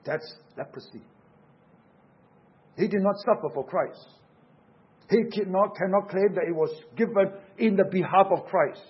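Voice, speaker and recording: A man's voice: fairly high pitch, expressive, moderate pace. Earnest male preacher, lo-fi sound. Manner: earnest, emphatic preaching with repeated phrases. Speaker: pastor. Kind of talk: sermon.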